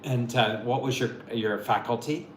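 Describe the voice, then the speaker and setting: A man's voice: medium pitch, steady tone, normal speed. A man running a mock visa interview and coaching the applicant, encouraging and often repeating himself. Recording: echoey room with faint noise.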